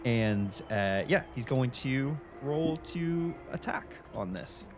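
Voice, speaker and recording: Animated, playful male player at the table, faint music under. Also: medium pitch, slow pace. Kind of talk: casual tabletop play.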